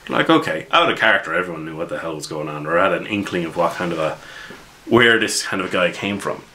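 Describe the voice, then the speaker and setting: A man with a very low voice and a bright, forceful edge to his tone tells the story of his latest tabletop game session. He talks as the game master, in a loose, rambling, conversational way. His recap comes across as offhand spoken chat rather than a script. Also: expressive, quick pace, a little hiss or hum.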